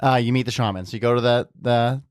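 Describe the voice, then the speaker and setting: A man hosts a podcast in a relaxed, supportive interview chat. He talks fast. His voice is recorded dry and close. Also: medium pitch, clean tone, no room sound. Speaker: podcast host.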